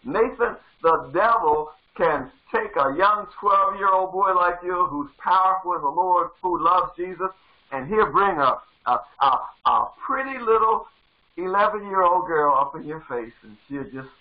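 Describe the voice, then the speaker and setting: A man's voice: high-pitched, expressive, unhurried, phone-quality sound. A male pastor preaching a sermon with fervor, driving points home by repeating phrases. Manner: fervent, repeats phrases for emphasis.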